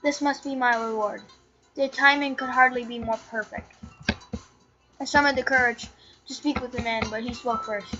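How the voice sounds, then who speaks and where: Girl reading a story game out loud, stumbles n fixes words, high bright voice, kinda muffled w/ faint music. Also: steady tone, unhurried, pauses often. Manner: chatty, stumbles and self-corrects while reading. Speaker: channel host reading a game. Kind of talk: reading a visual novel aloud.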